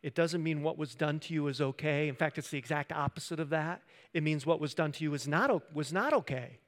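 A man's voice: on the high side, fairly quick. Storytelling male pastor preaching. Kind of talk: sermon.

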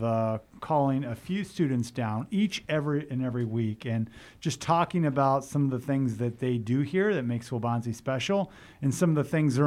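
Middle-aged man, principal-turned-podcast host, friendly and halting, mid-pitched voice. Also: a little mellow. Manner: friendly, halting, many fillers. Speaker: high school principal hosting a podcast. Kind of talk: casual interview podcast.

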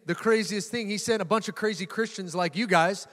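A man's voice: sits high, a little fast, fairly bright tone. A male pastor preaching a sermon to a live audience, conversational and jokey, often repeating words. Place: church hall with live audience. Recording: reverberant church hall.

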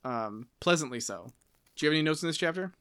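A man's voice: fairly high pitch, quick pace, clear, resonant tone, dry recording. A man co-hosting a casual book podcast, recapping chapters and acting out characters with playful voices. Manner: animated, acts out characters in funny voices, laughs often. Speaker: podcast co-host.

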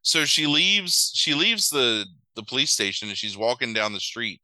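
Guy retelling a story and doing quick voices for everyone, super bright sound, dry mic. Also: medium pitch, clean tone, no echo, poor audio. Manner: animated storytelling, acting out characters in quick voices. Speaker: podcast co-host recapping a movie. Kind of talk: casual chat.

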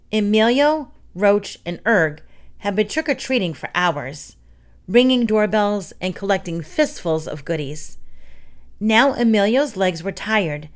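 A woman reading children's stories aloud in a clear, measured storytelling manner. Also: medium pitch.

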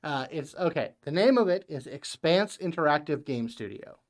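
A man's voice: fairly high pitch, expressive, normal speed. A man running a tabletop game as game master, hesitant with many fillers.

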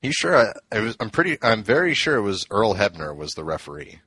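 A man's voice: fairly low pitch, very animated, brisk, bright, forceful tone, breathy edge, dry recording. A man co-hosting a casual podcast, eagerly recounting old events and laughing often. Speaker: podcast co-host. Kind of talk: casual storytelling chat.

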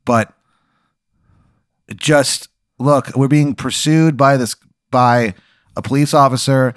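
A mid-pitched man chats casually and plays along with a comic hypothetical, quoting his own pleas as he retells it. His voice is recorded dry and close to the mic. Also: slow, long pauses, dry recording. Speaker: podcast co-host. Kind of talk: casual comedic chat.

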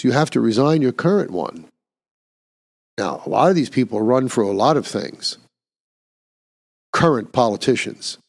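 A man's voice: medium pitch, creaky, darkish tone. An older man hosting a podcast, delivering an emphatic, scornful opinion monologue. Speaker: podcast host.

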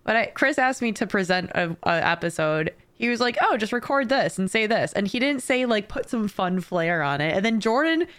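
A woman co-hosting a casual podcast, playful and giggly, spinning quick stories. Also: mid-range voice, lively intonation, fairly bright tone, clean tone. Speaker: podcast co-host.

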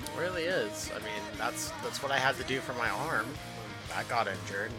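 A man's voice: medium pitch, moderate pace, over loud music. A man co-hosting a podcast in casual chat, laughing and swearing often, with many restarts. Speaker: podcast co-host.

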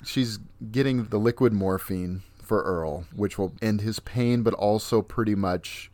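A man co-hosts a casual film podcast and talks with enthusiasm. His voice is low. The recording is dry and close. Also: unhurried, darkish tone, no room sound. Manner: enthusiastic, acts out quoted lines. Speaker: podcast co-host.

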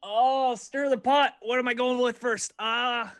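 A young man with a strikingly high, bright voice grumbles in playful mock outrage about sports. The recording is close and dry. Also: fairly even intonation, unhurried, clear, resonant tone, no room sound. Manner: playfully exasperated, mock-complaining. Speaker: podcast co-host. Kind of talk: casual sports chat.

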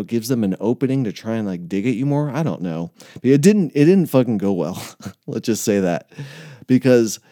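A man's voice: fairly low pitch, mellow, dry recording, studio quality. A young man in recovery ranting casually, swearing a lot and laughing often as he rambles. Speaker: person in addiction recovery.

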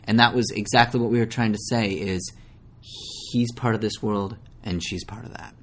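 Here the young Minnesota actor sounds lower-pitched and moderately paced, with a slight hiss or hum in the background. As a guest in a casual interview, he's animated and self-deprecating, repeatedly restarting what he says.

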